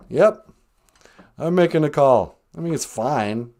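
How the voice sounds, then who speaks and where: A man's voice: fairly high pitch, animated, slow pace, darkish tone. A man hosting a live stream, retelling a story casually, rambling and joking. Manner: rambling, joking, laughs at own jokes.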